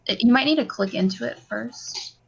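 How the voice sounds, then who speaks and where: A woman game developer chatting as a guest on a stream, friendly and quick to laugh. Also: on the high side, creaky, muffled recording. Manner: friendly, laughs easily, helpful. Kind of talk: casual interview chat.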